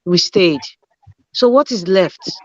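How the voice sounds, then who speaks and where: Woman on a call, earnest, picks her words slow and careful, dull dry sound. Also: on the low side, animated, darkish tone, dry recording. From Nigeria. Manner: earnest, chooses words carefully, emphatic repetition. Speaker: panel guest. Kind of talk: political commentary.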